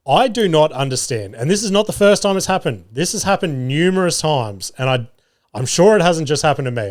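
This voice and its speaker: A young adult man, hosting a podcast in casual chat, rambling through stories and swearing freely. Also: medium pitch. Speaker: podcast host.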